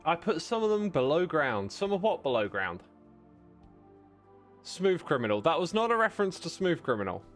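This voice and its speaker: A man's voice: a little high, sing-song, moderate pace, soft background music. A man chatting casually with viewers while playing on a livestream, rambling and self-deprecating, laughing often.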